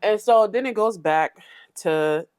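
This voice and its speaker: A woman's voice: mid-range voice, takes it slowly, a little mellow, no echo, clean studio sound. A young woman hosting a reality TV recap, blunt, sassy and opinionated. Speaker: commentary channel host.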